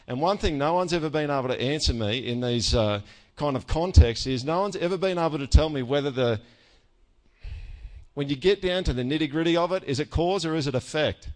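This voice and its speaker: A man's voice: fairly high pitch, a little fast. A man preaching a sermon in a conversational way, often checking in with "all right?" and joking about himself. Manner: animated with self-mocking humor. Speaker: pastor.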